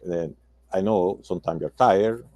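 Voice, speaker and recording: A man in his sixties, a native Spanish speaker talking in halting English with many restarts in a casual roundtable discussion. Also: low voice, a little mellow, no room sound. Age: 60s. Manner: halting, repeats words, non-native phrasing. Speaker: roundtable guest.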